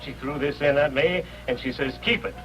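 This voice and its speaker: Guy doing a chatty old doorman, folksy slang, bright sharp voice, muffled old radio sound. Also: mid-range voice, moderate pace, faint music behind, natural voice. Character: gruff older male doorman, folksy, plainspoken. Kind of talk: 1950s radio drama acting. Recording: dull lo-fi old radio recording.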